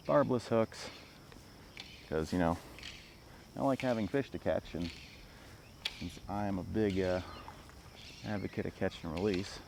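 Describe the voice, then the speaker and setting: A man talking casually while fishing outdoors by a pond, excitable and self-deprecating. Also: sits low, vocal fry, a little hiss or hum. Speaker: fishing vlogger. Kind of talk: casual outdoor vlog commentary.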